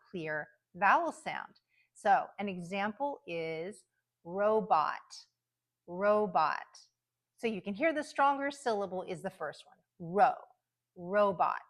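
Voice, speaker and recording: An American woman teaching English pronunciation, stretching out example words slowly and articulating each syllable clearly. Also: mid-range voice, a bit bright. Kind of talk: pronunciation lesson.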